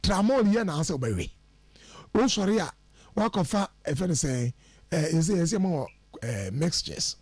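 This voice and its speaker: A man speaking as a guest on a radio show, giving lively, preachy advice on how to order your life and mixing English phrases into his speech. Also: a little high, measured pace, husky, no room sound. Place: radio studio.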